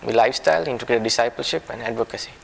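A man guides a small discussion circle in a meeting room, soft-spoken and apologetic, often restarting his sentences. His voice has a gravelly edge, and faint background noise runs under it. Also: medium pitch, very fast. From a warm-climate country. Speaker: discussion leader.

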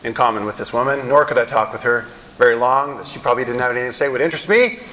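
A middle-aged male pastor telling stories in a sermon, animated and wryly self-deprecating. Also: medium pitch, very fast, low-quality recording. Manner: animated storyteller with wry self-deprecating humor. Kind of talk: sermon storytelling.

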